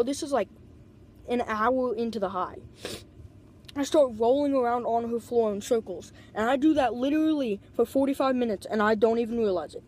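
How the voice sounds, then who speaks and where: A woman telling a rambling, casual story into a tablet mic, filling every pause with "like" and swearing freely. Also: a little high, darkish tone. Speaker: vlogger.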